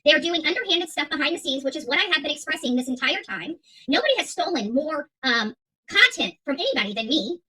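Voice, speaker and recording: A woman's voice: sits high, big pitch swings, a little fast, pushed and bright, low-quality recording. A woman hosting her own channel, talking straight to viewers in a heated, defiant monologue, with many fillers and repeated words. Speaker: YouTube channel host.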